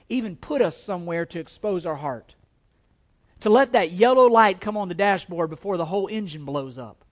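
Male pastor, sermon delivery: emphatic, repetitive, loud stresses and quiet drops, some stumbles. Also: very high-pitched. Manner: stumbles and repeats words at times.

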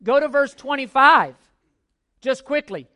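A man's voice: very high voice, lively intonation, measured pace, pushed and bright. A man preaching a teaching sermon, earnest and emphatic, repeating key points and asking rhetorical questions of his listeners. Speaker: pastor.

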